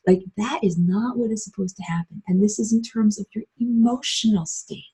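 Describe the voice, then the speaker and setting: A woman's voice: mid-range voice, moderate pace, dark tone. A woman giving a casual online spiritual lecture while she draws, talking bluntly and emphatically, with lots of "like" and some swearing. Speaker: spiritual teacher.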